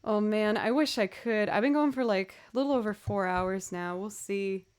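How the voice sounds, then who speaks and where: A woman's voice: medium pitch, normal speed, smooth. A woman chatting casually on a livestream, tired and yawning, rambling and thanking viewers as she goes. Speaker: streamer and musician.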